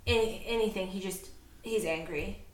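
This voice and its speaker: A woman co-hosting a podcast, chatting casually and telling animated family stories. She laughs often and acts out her father's gruff, clipped replies. Her voice sits in the middle range and carries a roomy studio echo. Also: medium pitch, moderate pace. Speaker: podcast co-host. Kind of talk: casual chat.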